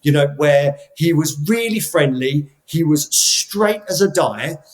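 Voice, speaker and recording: A man's voice: fairly high pitch, animated, unhurried, low-quality recording. A middle-aged man from England, a podcast guest, tells stories about his career in a reflective way, often restarting and repeating words as he thinks. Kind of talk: reflective storytelling.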